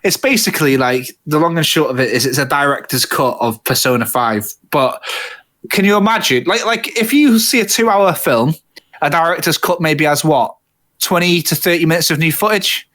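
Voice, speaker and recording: A man's voice: on the high side, moderate pace, fairly bright tone. A man co-hosting a game podcast from home over the internet, chatting casually with many restarts and some swearing. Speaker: podcast co-host. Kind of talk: casual chat.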